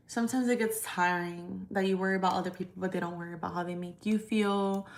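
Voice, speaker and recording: Woman, casual livestream rant, profane, emphatic, mid-pitched, echoey room. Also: a bit bright. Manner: blunt, profane, emphatic ranting. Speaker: livestream host, credit repair business owner. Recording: roomy echo.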